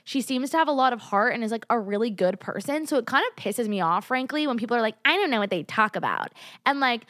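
Young woman, sick, animated chatty rant, dry closeup sound. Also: fairly high pitch, fast talker, no room sound. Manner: animated, heavy use of "like", swears freely. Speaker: podcast host. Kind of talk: casual opinion chat.

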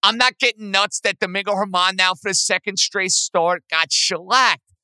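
A man's voice: sits high, moderate pace, bright, forceful tone, smooth, no echo, low-quality recording. A man hosting a sports talk show, ranting angrily with sarcasm at his team's owners. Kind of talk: sports talk podcast rant.

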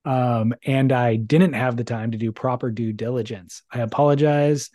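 Wry male podcast co-host, mellow tone. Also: mid-range voice, fairly even intonation, unhurried, no room sound, clean studio sound. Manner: wry, joking delivery. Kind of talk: casual chat, reading listener mail.

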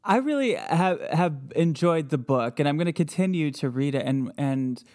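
A male interview host with a fairly high voice, talking casually. He praises the book in loose, rambling phrases and a friendly tone. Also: expressive, normal speed, a little mellow.

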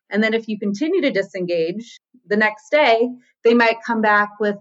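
A woman's voice: mid-range voice, normal speed, highs cut off. A woman therapist guest explaining relationship patterns and acting out the quoted lines. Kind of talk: casual podcast conversation.

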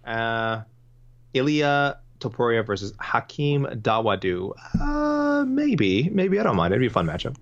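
A chatty man co-hosting a podcast, rambling through listener picks with a lively, swinging delivery. His voice sits at a middling pitch. The audio sounds a little dull and muffled. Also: a little slow. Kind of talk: casual chat.

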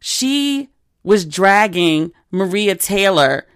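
A young adult woman hosting a podcast, telling stories in casual, animated chat with frequent asides. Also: medium pitch, extremely slow, clean tone, dry recording, studio quality. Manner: animated, conversational storytelling with asides. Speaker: podcast host.

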